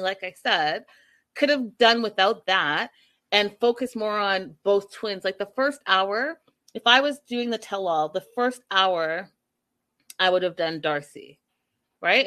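A woman talks through a reality show reunion in a chatty, gossipy way. She acts out the cast's lines and breaks in with her own exasperated opinions. Her voice sits at an ordinary middle pitch for a woman. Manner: gossipy, animated, acts out quotes. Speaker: reality TV recapper. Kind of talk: casual recap commentary.

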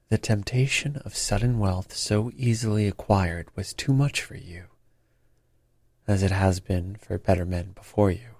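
A man reading a stern, measured detective. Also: on the low side, a little mellow, no echo. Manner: measured, cold, accusing. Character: stern, cool-headed male detective questioning a thief. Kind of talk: audiobook character reading.

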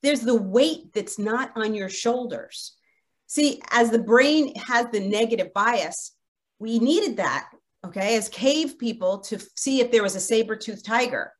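A woman's voice: fairly high pitch, animated, unhurried. A woman author as a podcast guest, giving upbeat, instructive advice and counting off her steps. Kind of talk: advice in an interview.

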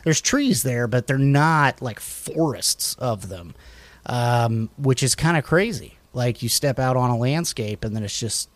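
A man co-hosting a casual chat, reading facts off slides in a relaxed, rambling way with many fillers and restarts. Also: medium pitch, unhurried, dry recording. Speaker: podcast co-host.

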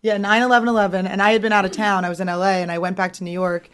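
A woman's voice: on the low side, flat delivery, fairly bright tone, clear, resonant tone. A woman co-hosting a podcast, telling stories in a blunt, profane casual banter. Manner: fast, blunt, profane storytelling.

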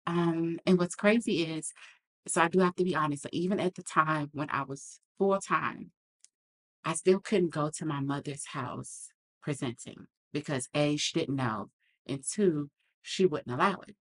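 Low-voiced woman telling a personal story. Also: moderate pace. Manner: earnest, reflective, acts out quoted lines. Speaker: podcast guest.

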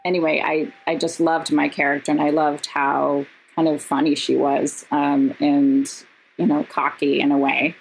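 A woman, a podcast guest and actress, telling stories in casual chat, animated and laughing, with quick asides. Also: deep voice, vocal fry, soft background music, low-quality recording. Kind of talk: casual storytelling.

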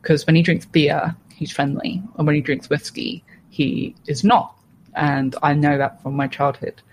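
A woman guest on a podcast, telling a hard personal story in a frank, steady way. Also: low-pitched, a little slow, slight background noise, poor audio. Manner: frank and steady, with plain swearing and restarts.

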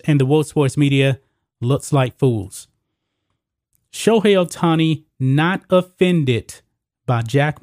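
A man's voice: mid-range voice, darkish tone, dry recording, clean studio sound. A man hosting opinionated sports commentary, emphatic and repetitive, calling viewers guys.

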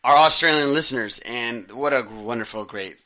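Bright-voiced joking man. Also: medium pitch, normal speed. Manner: joking, rambling storyteller. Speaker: podcast co-host. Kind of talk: casual chat.

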